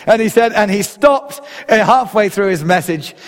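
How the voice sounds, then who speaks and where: A man's voice: lively intonation, normal speed. An English man preaching a sermon, driving his points home with rising emphasis. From England. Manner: emphatic preaching with swells in pitch and loudness. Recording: long hall reverb.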